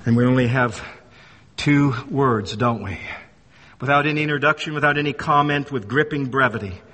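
A man preaching a sermon with dramatic swings between loud emphasis and hushed, low phrases. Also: normal speed, long reverb tail.

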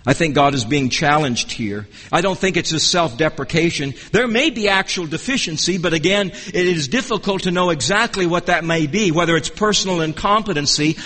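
A man with a notably high voice delivers an expository sermon, earnest and measured, circling back to restart his phrases as he teaches. His words ring out with a long reverb, as from a church sanctuary. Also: pushed and bright. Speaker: preacher.

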